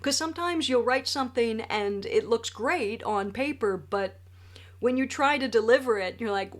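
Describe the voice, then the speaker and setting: Animated woman in her forties giving tips. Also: fairly high pitch, moderate pace. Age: 40s. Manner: animated, jokey and emphatic. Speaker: wedding speech writer. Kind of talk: direct-to-camera tips video. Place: home studio with a ring light.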